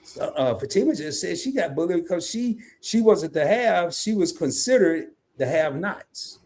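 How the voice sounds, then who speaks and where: Co-hosting a live stream, a Southern-accented man from the American South chats casually, animated and folksy, telling jokes and reading viewers' comments aloud. His voice sits high and he speaks at a moderate pace.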